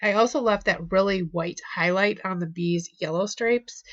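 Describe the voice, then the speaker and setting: Woman host, crafting voice-over, chatty and enthusiastic, mid-pitched voice, slightly muffled home recording. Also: moderate pace, few pauses. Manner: chatty and enthusiastic, with fillers and restarts. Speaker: card-making channel host.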